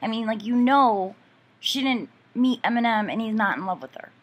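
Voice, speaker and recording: A woman's voice: fairly high pitch, lively intonation, normal speed, husky. A woman vlogger ranting casually about a neighbor, profane, exasperated and rambling with many fillers.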